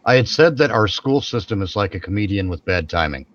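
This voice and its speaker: A man's voice: fairly low pitch, expressive, brisk, highs cut off. A man co-hosting a podcast in casual chat, rambling, repeating and restarting his phrases as he goes. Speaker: podcast co-host.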